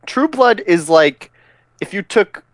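A man's voice: sits high, very animated, takes it slowly, a bit bright, no echo. A man co-hosting a podcast, chatting casually with blunt, crude jokes. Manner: jokey, blunt, crude humor. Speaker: podcast co-host. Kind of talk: casual chat.

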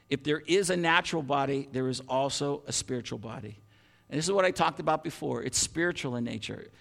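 A man in his fifties preaching a sermon, animated, with frequent restarts and self-deprecating humor. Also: on the high side, creaky. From Ohio, USA. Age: 50s. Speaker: pastor. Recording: long hall reverb.

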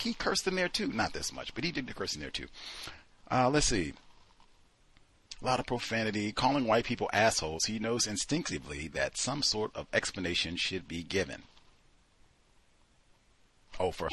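Leading a book club discussion, a man reads passages aloud and remarks on them in an animated, exclamatory way. His voice is on the low side and husky, with no room sound.

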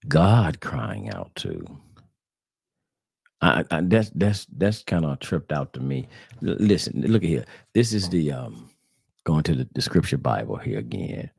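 A man's voice: rumbling low, animated, normal speed, vocal fry, a little mellow, slightly rough, no echo, studio quality. A man, hosting a religious podcast and preaching in a rhetorical, repetitive questioning style to his listeners. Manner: rhetorical, repetitive questioning, addresses "brothers and sisters". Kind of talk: preaching-style commentary to online audience. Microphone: screen-sharing computer setup.

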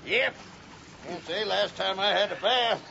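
A man's voice: high voice, a little slow, creaky, exaggerated voice. An actor with an Oklahoma accent playing a hopeful, plain-spoken farmer father, on an old film soundtrack. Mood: homespun. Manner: homespun, lively. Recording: dull, faintly hissy old film soundtrack.

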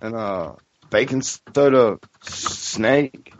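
A man co-hosting a casual podcast chat, animated and laughing as he acts out scenes. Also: mid-range voice, drawn-out words, a little hiss or hum. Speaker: podcast co-host. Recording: dull lo-fi Skype audio.

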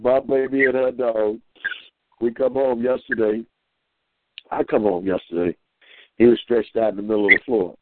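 Over a tinny, dry phone line with background noise, a minister calls in, his mid-range voice fairly even and moderately paced, with frequent pauses. He rambles through folksy stories and preaching, repeating phrases and acting out voices.

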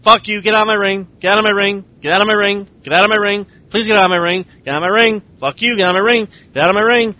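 A man's voice: high voice, rapid-fire, few pauses, no echo. A man imitating a female wrestler who keeps angrily ordering her father out of the ring. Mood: angry. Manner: repetitive, exasperated shouting.

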